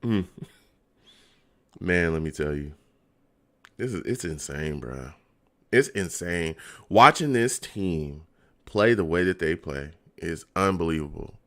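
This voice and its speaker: A young man hosts a live reaction stream, his voice swinging widely in pitch as he cracks up again and again. He talks in loose, slangy chat to his viewers, exasperated and laughing. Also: animated, takes it slowly, pauses often. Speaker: streamer reacting to a football game.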